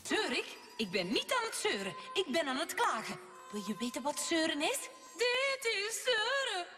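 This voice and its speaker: A woman's voice: very high-pitched, big pitch swings, normal speed. A woman dubbing Rarity, a prim, fussy pony lady, with underplayed whining in a cartoon. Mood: indignant. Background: loud music.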